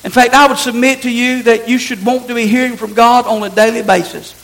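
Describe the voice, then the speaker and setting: A man's voice: very high-pitched, fairly even intonation, brisk, a bit bright, poor audio. A man preaching a sermon as pastor, earnest and emphatic, driving his points home through repetition.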